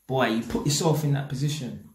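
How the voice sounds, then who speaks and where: A man's voice: mid-range voice, fairly quick, reverberant, a little hiss or hum. A man with a London accent giving a blunt, slang-heavy opinion rant straight to his audience, swearing freely. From England. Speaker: YouTube commentator.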